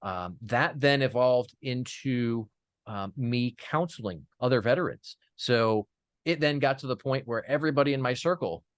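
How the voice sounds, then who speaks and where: A man's voice: medium pitch, normal speed, no echo, studio quality. A man as an interview guest, telling a personal story in an earnest way, with many fillers and restarts.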